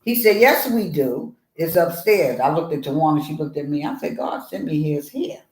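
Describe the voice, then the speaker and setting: A woman author telling a personal story in an animated way, acting out the voices of the people in it. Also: low voice, moderate pace, reverberant, rough recording. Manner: expressive, acts out voices in her story. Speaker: author guest.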